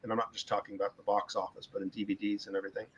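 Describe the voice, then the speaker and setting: A man's voice: lowish voice, level tone, very fast, breathy edge, poor audio. A middle-aged man talking as a guest author in a casual podcast interview, emphatic and opinionated, repeating words for stress.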